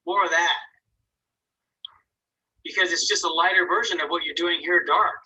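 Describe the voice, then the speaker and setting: A man's voice: on the high side, fairly even intonation, moderate pace, bright, forceful tone, breathy edge, distant mic, poor audio. A man teaching an online painting class, giving casual, encouraging critiques of students' work and thinking aloud as he goes. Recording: voice from away from the mic.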